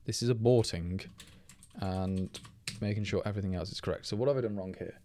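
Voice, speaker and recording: A man's voice: on the low side, brisk, mellow, slight background noise. A man, a little tipsy from drinking, thinking aloud and correcting himself as he talks through live coding. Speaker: programmer streaming live.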